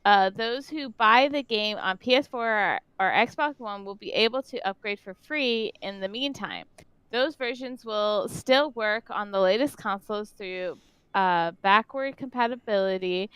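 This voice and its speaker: A woman's voice: medium pitch, unhurried, fairly bright tone, clean tone, no room sound, low-quality recording. A woman co-hosting a casual podcast, reading gaming news aloud and tripping over her words. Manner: stumbles and trips over words while reading. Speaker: podcast co-host.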